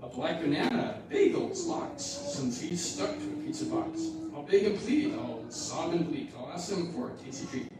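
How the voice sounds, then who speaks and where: A man's voice: high voice, wildly swooping pitch, moderate pace, hardly any pauses, pitched above the performer's own voice. A man doing earnest young widow Ruth. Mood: devoted. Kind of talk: rhyming storybook reading. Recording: echoey hall from far off.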